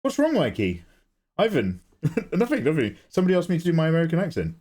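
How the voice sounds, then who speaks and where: Lively joking male livestreamer. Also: on the high side, rapid-fire. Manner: joking, bantering, swearing casually. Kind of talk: casual livestream chat while drawing.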